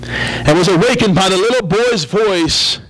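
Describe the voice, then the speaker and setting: A man's voice: high voice, animated, a little slow, fairly bright tone, low-quality recording. A man preaching a sermon to a congregation, telling a story dramatically and drawing out words for emphasis. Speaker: pastor.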